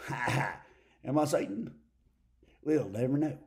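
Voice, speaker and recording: A man's voice: medium pitch, a little slow, pauses often, a little mellow. A man from Texas with a Southern accent, telling a meandering, folksy comic story as a preacher character. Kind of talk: rambling comic monologue.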